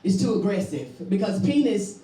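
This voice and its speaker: A woman doing a bawdy stand-up comedy set on stage, with loud punchlines. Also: medium pitch, big pitch swings, moderate pace, a little hiss or hum. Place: stage before a live audience. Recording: roomy, distant mic with crowd laughter. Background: audience laughing.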